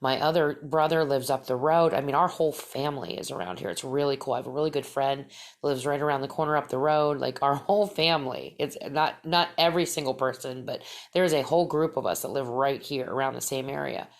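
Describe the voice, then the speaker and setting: A middle-aged woman with a low, gravelly voice, chatting through a personal story as a podcast host. She rambles, doubles back and fills her pauses with little fillers. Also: fairly even intonation. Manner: rambling, many fillers and restarts.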